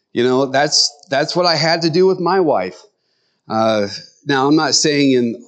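A middle-aged man preaching a sermon in a conversational way, with joking asides to the congregation. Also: medium pitch. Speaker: pastor.

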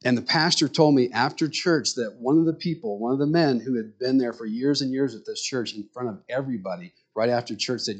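A man's voice: mid-range voice, brisk. A man preaching in a small rural church, telling personal stories in a frank, conversational way. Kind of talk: sermon told as personal stories.

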